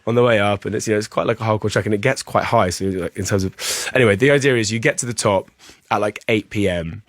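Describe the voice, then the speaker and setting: A man's voice: fairly low pitch, fast, fairly bright tone, no room sound. A man guesting on a podcast, telling a long story in a casual, rambling way full of fillers and restarts. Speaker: musician guest.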